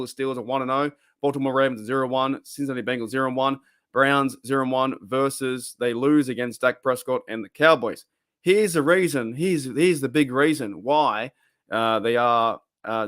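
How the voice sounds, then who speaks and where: A young Australian man hosting a live-streamed fan show, chatting excitably and rambling with many restarts. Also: mid-range voice, no echo, clean studio sound. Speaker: fan podcast host.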